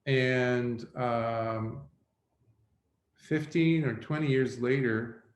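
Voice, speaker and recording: A Buddhist monk giving a reflective dharma talk, telling a story slowly with pauses. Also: male voice, medium pitch. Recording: roomy echo.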